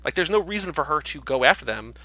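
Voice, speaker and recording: A man's voice: on the high side, dry recording. A young man co-hosting a casual movie podcast, talking animatedly and acting out lines from the film. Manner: animated, acts out movie lines in quick bursts. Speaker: podcast co-host.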